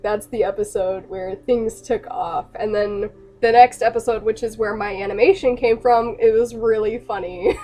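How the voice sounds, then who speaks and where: An excitable young woman talks to her viewers in a loose, rambling rant, often breaking into laughter. Her voice sits a little high for a woman. Faint music plays behind her. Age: young adult. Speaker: animator and vlogger. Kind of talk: casual rant to camera.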